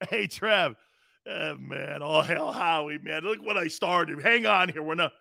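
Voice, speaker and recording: A middle-aged man hosting a live sports talk show, loud and brash, often shouting and laughing as he reads viewer comments. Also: on the high side, animated, takes it slowly, vocal fry, pauses often, dry recording, studio quality.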